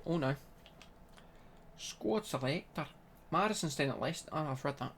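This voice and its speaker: A man's voice: mid-range voice, brisk, long pauses, slight background noise. A young man chatting casually on a live stream while he plays, bantering and answering his chat.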